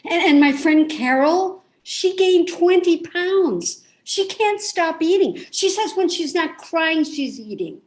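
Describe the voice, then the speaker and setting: A woman's voice: very high voice, lively intonation, takes it slowly, few pauses, voice pushed up, heavily acted. A woman performing a monologue as an anxious, self-deprecating woman who rambles and restarts her sentences, over a video call. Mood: rueful. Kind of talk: theatrical monologue.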